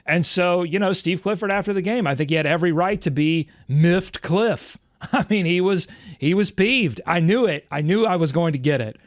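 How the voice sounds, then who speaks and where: A man co-hosting a sports podcast, telling stories in a lively, laughing way. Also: sits high, normal speed, no room sound, studio quality. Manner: animated, laughing storyteller. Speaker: podcast co-host. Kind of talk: casual sports chat.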